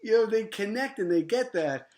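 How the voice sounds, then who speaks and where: High-voiced male interview host. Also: expressive, normal speed, darkish tone. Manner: agreeable, frequent short acknowledgements. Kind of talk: casual interview chat.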